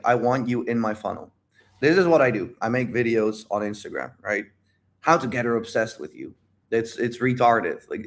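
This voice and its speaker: Brief: male dating coach, mid-pitched, blunt and animated casual livestream delivery. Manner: blunt, animated, repeats phrases, swears freely. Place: home livestream.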